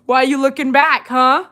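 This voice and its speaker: A woman's voice: sits high, pushed and bright. A woman at home chatting playfully with her dogs, scolding them and laughing often. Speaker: vlogger, dog groomer. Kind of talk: casual talk to her dogs. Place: at home indoors.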